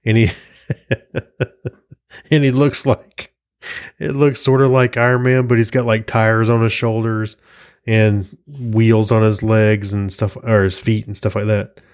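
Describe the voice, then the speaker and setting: A man chats casually on his solo podcast in a slightly low voice. He rambles from one thing to the next, reading captions aloud and chuckling to himself as he goes. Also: flat delivery, slow pace, pauses often, darkish tone. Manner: rambling, chuckling, reads captions aloud while flipping pages. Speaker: podcast host.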